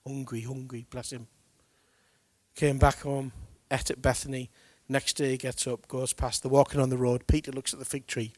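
A man preaching an animated sermon, speaking colloquially and acting out the voices of figures from the scriptures. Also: mid-range voice, normal speed, dry recording. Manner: colloquial, acts out Bible voices.

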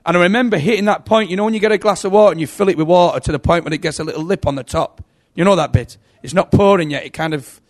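Guy preaching his testimony, raspy-ish, drops quiet then gets loud. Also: on the high side. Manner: emotional, storytelling, swings from hushed to loud. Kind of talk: sermon testimony.

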